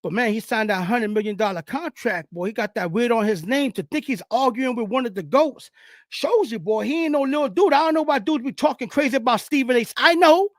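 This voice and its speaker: Rambling and animated, this Bronx-born host with a New York accent runs a casual sports talk live stream full of loud street slang. He speaks briskly in a very high voice, and the audio is dry and studio quality.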